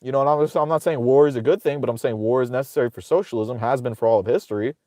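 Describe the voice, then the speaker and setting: A man's voice: medium pitch, very fast, mellow, no echo, studio quality. A man hosting casual political commentary, ranting sarcastically with profanity, rambling and restarting his sentences.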